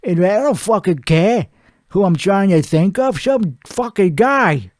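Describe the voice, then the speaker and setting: A brash, boastful washed-up male singer, played by a man, rambles and rants in a fairly high voice worn thin and strained from singing. The sound is dry and close, with no room around it. His delivery is crude and self-mocking. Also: expressive, a little slow, dry recording. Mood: ranting. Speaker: comedy show host. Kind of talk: improvised comedic rant.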